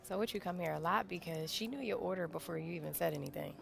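Teasing young shop owner. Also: female voice, fairly low pitch, fast talker, vocal fry. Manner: teasing, playful. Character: confident young woman shop owner on a date. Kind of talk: video game cutscene dialogue. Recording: music playing behind.

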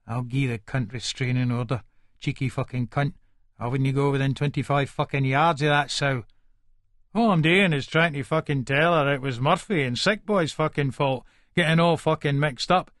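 A man's voice: medium pitch, moderate pace, fairly bright tone, no room sound, clean studio sound, lightly acted. An actor with an Edinburgh Scots accent playing a volatile, foul-mouthed hardman who narrates his own story in an audiobook, talking aggressively and swearing constantly. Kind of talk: first-person audiobook narration.

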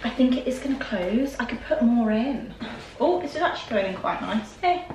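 A woman's voice: fairly high pitch, expressive, a little fast, a little mellow, slight background noise. A young woman vlogging to camera at home, talking in a chatty, rambling way full of "like" fillers. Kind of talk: casual to-camera vlog. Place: at home indoors.

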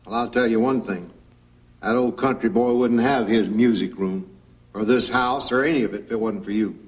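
A man's voice: medium pitch, normal speed, slightly rough, highs cut off, close to an everyday voice. An actor playing an older, blunt and doting Texas oilman father, folksy and scornful. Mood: gruff, scornful. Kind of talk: TV film drama acting.

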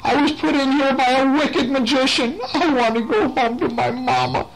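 A man voicing a spirit trapped in a bottle that pretends to be a small child, pleading in a high, small voice. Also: big pitch swings, moderate pace, fairly bright tone, a little hiss or hum, heavily acted, rough recording.

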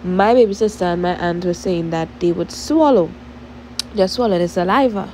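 A woman's voice: fairly low pitch, normal speed, warm tone, slight background noise, poor audio. Chatty young Trinidadian woman vlogger. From Trinidad and Tobago. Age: young adult. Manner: chatty, rambling, talks straight to viewers. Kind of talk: casual chat to viewers.

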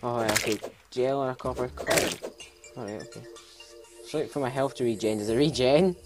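A young Scottish man hosts a let's play, giving casual, rambling commentary on a video game while mocking himself, laughing often, and swearing freely. His voice is medium-pitched and fairly quick, with loud music playing behind him.

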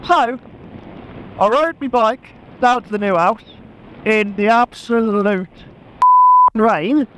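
A man chatting excitedly to a helmet camera while riding a motorbike, laughing often. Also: sits high, slow pace, slight background noise, rough recording. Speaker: motorcycle vlogger. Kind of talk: casual chat while riding. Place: on a motorbike on open country roads. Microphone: helmet-mounted action camera.

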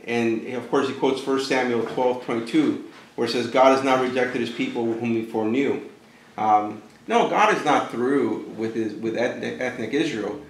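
Animated man teaching in an echoey church. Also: medium pitch. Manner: animated, acts out quotes with sudden jumps in voice. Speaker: pastor teaching Bible study. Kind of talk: conversational Bible lesson.

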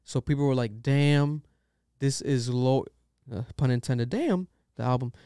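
Brief: young male podcast host, opinionated rambling rants, smooth clear voice, dry close sound. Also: medium pitch, measured pace, mellow, no echo. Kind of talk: casual podcast chat.

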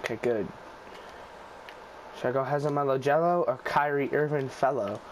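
A young man commentating his own basketball video game play, swearing a lot, shouting when shots go in and muttering low between them. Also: moderate pace, a little hiss or hum. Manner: loud, profane, hyped shouting at plays, then low muttering. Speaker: gaming YouTuber. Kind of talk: excited gameplay commentary.

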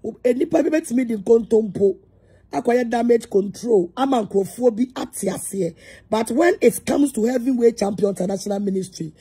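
A Ghanaian woman preacher speaks with a deeply raspy, mellow voice set a little high. She hammers home her points, repeating herself and calling people out. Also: moderate pace. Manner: emphatic, repetitive, confrontational. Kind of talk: heated public address.

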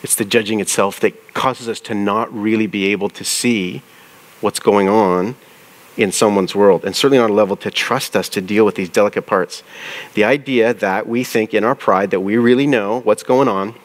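A male pastor with a fairly low voice and fairly even intonation preaches conversationally. He frequently asks his listeners questions and reads scripture aloud slowly.

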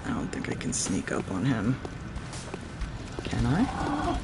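A man streaming a video game, reacting out loud, swearing at enemies and chatting to animals on screen. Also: medium pitch, wildly swooping pitch, slow pace, very noisy. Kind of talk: live gameplay commentary.

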